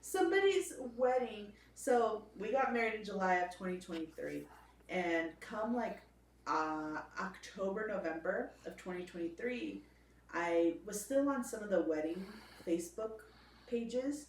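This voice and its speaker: A woman's voice: mid-range voice, lively intonation, a little slow, distant mic, slight background noise. A woman telling a story in casual podcast chat, chatty and rambling. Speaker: podcast co-host. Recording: roomy, off-mic with faint ambience.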